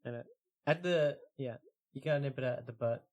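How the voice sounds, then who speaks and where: A relaxed man co-hosting a casual podcast, reading stories aloud and chatting between them. His pitch sits in an ordinary middle range, and his delivery is loose and filler-heavy. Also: fairly quick, muffled recording. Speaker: podcast co-host.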